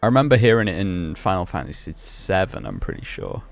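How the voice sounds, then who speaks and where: A man with a deep, low voice gives easygoing gameplay commentary, musing and second-guessing himself out loud. Soft music plays quietly underneath. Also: wildly swooping pitch, brisk, gravelly. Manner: rambling, self-questioning, chatty. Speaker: gaming streamer.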